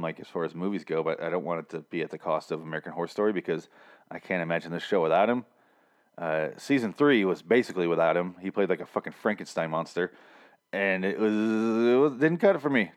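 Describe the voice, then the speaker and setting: A man casually recapping a TV episode, rambling and swearing freely as he acts out the characters' lines. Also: low-pitched. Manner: profane, rambling, quick to act out characters' lines.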